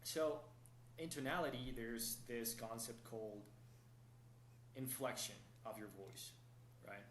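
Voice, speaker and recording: A male dating coach talks through his ideas at a measured, explanatory pace and keeps checking in with a quick "right?". His voice sits at a middle pitch. The room is echoey, with faint ambience behind him. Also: slight background noise. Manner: explanatory, steady, asks "right?" often. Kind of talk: podcast interview, explaining.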